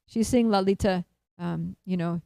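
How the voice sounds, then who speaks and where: Woman storyteller, animated, laughs a lot, mellow warm voice, dry close sound. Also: fairly low pitch, unhurried, creaky, clean tone, dry recording, low-quality recording. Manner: animated, laughs often, many fillers. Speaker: storyteller at a temple. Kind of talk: devotional storytelling class.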